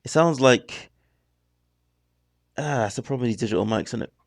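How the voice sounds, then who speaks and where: A man's voice: mid-range voice, normal speed, creaky, no echo, clean studio sound. A man hosting a reaction video, talking through the music in a chatty, rambling way that keeps breaking off mid-thought. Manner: chatty, rambling, self-interrupting. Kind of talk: casual rambling commentary.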